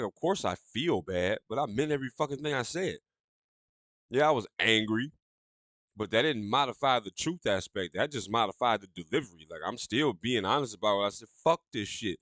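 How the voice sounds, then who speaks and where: A man's voice: medium pitch, fairly quick, fairly bright tone, no room sound. A young adult man hosting a podcast, delivering a blunt, profane, ranting monologue in casual talk. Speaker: podcast host.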